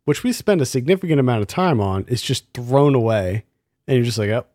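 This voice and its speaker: A man's voice: mid-range voice, big pitch swings, fairly quick, a little mellow, dry recording, studio quality. A man in a casual film review chat, critical and exasperated, firing off rhetorical questions.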